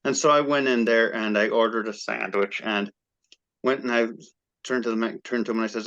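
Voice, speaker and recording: Male guest, casual animated storyteller who acts out quotes; mid-pitched voice, muffled lo-fi audio. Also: a little fast. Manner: excited, animated storyteller acting out quoted dialogue. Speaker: guest fan.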